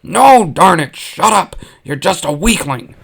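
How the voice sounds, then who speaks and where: A man's voice: high voice, expressive, unhurried, gravelly, a bit bright, breathy edge, pitched above the performer's own voice, full character voice. A man voicing an elderly, stern male fish-alien admiral, protesting in a raised, exasperated way.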